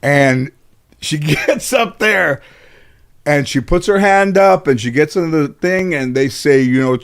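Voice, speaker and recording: A man from Los Angeles telling stories from his childhood as a guest, animated and casual, swearing freely and restarting his sentences often. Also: mid-range voice, measured pace, smooth. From Los Angeles, USA. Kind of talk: casual storytelling in a conversation.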